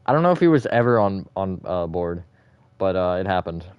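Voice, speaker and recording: A man's voice: deep voice, big pitch swings, brisk, smooth, dry recording, dull audio. A man hosting a live stream, chatting casually with viewers in a rambling, self-correcting way and laughing often.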